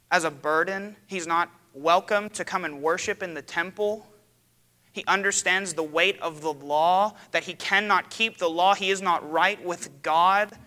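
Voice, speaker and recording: Guy preaching to his church, dramatic, bright kinda high voice. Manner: dramatic, rising to loud cries when quoting. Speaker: pastor. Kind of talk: sermon.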